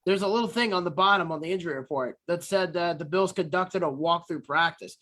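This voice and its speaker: A man with a high, light voice, talking football with his co-hosts. He's blunt and animated, and he swears freely when he gets going. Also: fairly quick. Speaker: podcast co-host. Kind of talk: casual sports chat.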